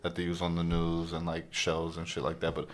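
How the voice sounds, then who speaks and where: A man's voice: sits low, completely flat delivery, fairly quick. A man from Detroit, a guest on a podcast, chatting loosely and casually with lots of filler talk.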